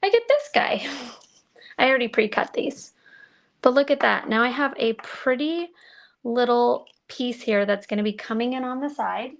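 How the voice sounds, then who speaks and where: A woman with a slightly high voice and a gravelly fry runs a live card-making demo. She chats to her viewers as she works and pokes fun at her own methods. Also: steady tone, moderate pace. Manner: chatty, self-deprecating, talks to viewers while working.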